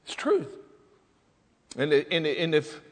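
A man's voice: on the high side, very animated, takes it slowly, big-room sound. An older male pastor preaching a sermon emphatically, with repetition.

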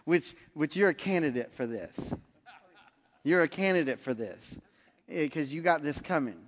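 Male preacher, high voice, animated storyteller, reverberant church hall. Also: a little slow, long pauses. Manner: animated, acts out dialogue in the story. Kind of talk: storytelling sermon. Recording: long reverb of a large hall.

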